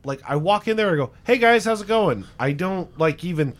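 Bright-voiced rambling guy saying dude. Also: high voice, animated, fairly quick. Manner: rambling, crude, calls people dude. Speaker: podcast co-host. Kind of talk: casual chat.

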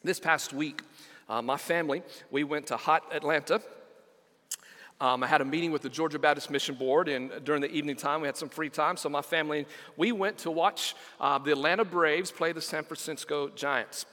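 A man's voice: on the high side, steady tone, brisk, pushed and bright, big-room sound. A middle-aged man, preaching a sermon as pastor, telling stories and repeating words for emphasis.

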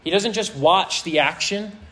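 A male pastor preaching a sermon to a high school audience, reading scripture aloud with earnest emphasis. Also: unhurried, fairly bright tone, poor audio.

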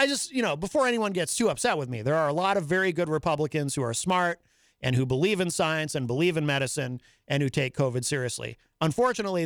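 A male talk show host with a somewhat high voice, delivering an opinionated monologue. He rambles, restarts and fills his pauses with hesitations. The recording is dry and close. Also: no room sound. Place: New Hampshire.

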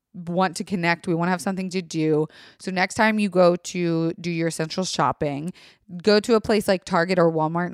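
Excitable, foul-mouthed young woman host. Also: fairly low pitch, no echo, studio quality. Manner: profane, excitable, chatty. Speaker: podcast host. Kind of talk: casual solo podcast talk.

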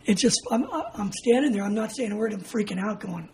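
Older guy from california spinning an army yarn, mellow voice, acts out the other guys' lines, laughs a lot. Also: high-pitched, fairly quick, a little hiss or hum, rough recording. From California, USA. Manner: animated, acts out dialogue, laughs often. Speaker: interviewee, veteran. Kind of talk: oral history storytelling.

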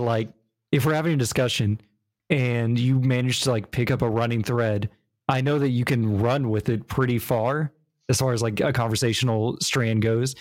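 A man's voice: mid-range voice, a little mellow. A man co-hosting a podcast in casual chat, loose and rambling, with plenty of fillers and tangents. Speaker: podcast co-host.

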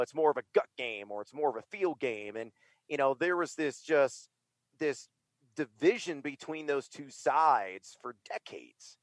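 Energetic man talking up hard work. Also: medium pitch, no room sound. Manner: energetic, emphatic, many fillers. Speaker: fantasy sports broadcaster and writer. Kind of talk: casual interview talk.

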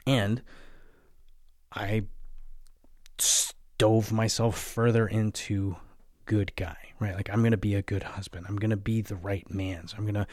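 Low-voiced guy telling his own story, swears constantly, keeps saying "right?", dry sound. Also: little pitch movement, a little slow, long pauses, darkish tone, no room sound. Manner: candid, profane, fillers of "right?" and "like". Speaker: podcast host. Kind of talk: confessional personal storytelling.

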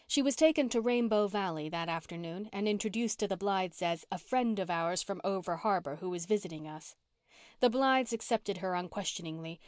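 A woman reading a classic novel aloud as an audiobook narrator, in an even, measured way. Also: mid-range voice, no room sound, clean studio sound. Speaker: audiobook reader. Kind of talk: scripted narration.

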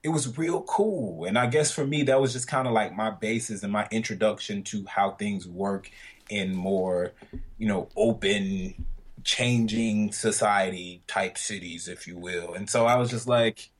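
A man's voice: on the low side, a little slow, slightly rough. A man with a Southern US accent co-hosting a podcast, telling stories in a loose, rambling chat with many fillers. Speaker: podcast co-host. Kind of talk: casual chat.

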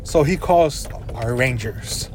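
A man's voice: mid-range voice, slow. A man hosting a podcast, telling stories in a rambling, casual way, swearing and chuckling as he talks from inside his car. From Arizona reservation. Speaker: podcast host. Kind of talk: casual storytelling. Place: inside a car on a dirt road. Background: faint vehicle noise.

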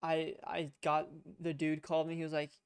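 Smooth-voiced young man telling a long story. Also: a little high, monotone, moderate pace, no echo, studio quality. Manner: rambling storytelling with swearing and restarts. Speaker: podcast co-host. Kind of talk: casual chat. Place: home room at a computer. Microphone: headset.

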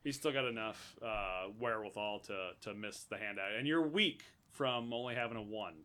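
Guy running a tabletop game, bright voice, casual, lots of restarts. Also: lowish voice, normal speed. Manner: casual, thinks aloud with restarts. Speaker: game master.

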